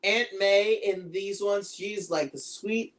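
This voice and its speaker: A podcast co-host chatting casually about movies, animated and acting out quotes. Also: takes it slowly. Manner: animated, acts out quotes with big pitch jumps.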